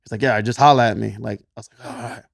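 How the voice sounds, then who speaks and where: A man's voice: mid-range voice, racing, creaky, no room sound, studio quality. A man with a Texan twang casually telling a story as a podcast guest, laughing often and swearing. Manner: laughs often, swears, quotes himself in animated voices. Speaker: podcast guest, gym coach.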